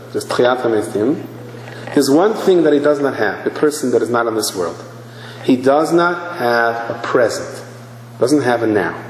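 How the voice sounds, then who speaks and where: A man's voice: mid-range voice, a little hiss or hum. A man in his fifties, a religious teacher giving a sermon, telling stories and acting out the people in them. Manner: animated storytelling, acting out quotes. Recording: echoey hall, faint ambience.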